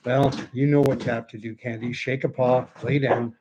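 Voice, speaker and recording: Canadian male channel host, mid-pitched, chatty and digressive, casual live-stream delivery. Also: steady tone, normal speed, hardly any pauses, dark tone, a little hiss or hum. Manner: rambling, chatty, many fillers and asides. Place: home, talking to his dog.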